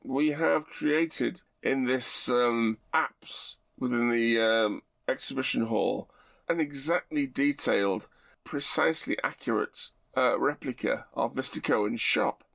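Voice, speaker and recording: Gravelly middle-aged man, dry. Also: mid-range voice, a little slow, fairly bright tone, no echo. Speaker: podcast co-host. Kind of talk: casual chat.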